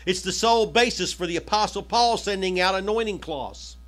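A man preaching to his congregation with a high, bright voice. He talks in a chatty way, climbing to loud, emphatic points and then dropping low for side remarks. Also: a little fast. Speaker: pastor. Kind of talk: sermon. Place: church hall.

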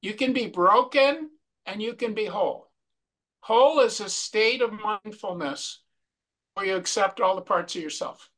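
A man leads a mindfulness workshop, walking through his slides at a slow, reflective pace. His voice is bright and clear, and he comes back to key phrases again and again. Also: sits high. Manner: slow, repetitive, reflective delivery. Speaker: wellness workshop presenter.

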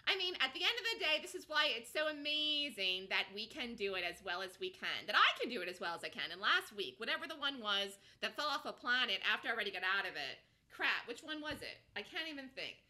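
Emphatic, bright-voiced woman trading host. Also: on the high side, sing-song, fast talker, hardly any pauses. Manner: emphatic, rambling, repeats herself; reads and answers viewer chat. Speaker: stock trading show host. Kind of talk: live market commentary.

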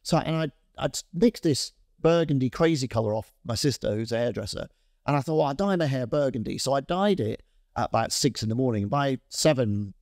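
Recorded in clean studio sound with no room sound, this fashion founder from Scotland, a man in his fifties, has a mid-range voice. As an interview guest he spins a long, lively, rambling tale, stumbling through fillers and restarts.

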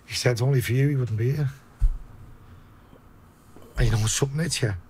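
A man with a Liverpool accent telling a story in a casual way, swearing a lot and acting out his own shouts. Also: mid-range voice, a little fast, slight background noise. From Liverpool, England.

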